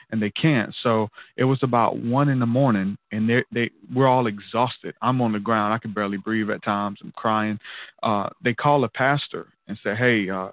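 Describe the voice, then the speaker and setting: A man's voice: lowish voice, dry recording. A man casually telling a personal testimony in an earnest, loose way, peppered with "man" and "dude". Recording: tinny phone-like line, dry.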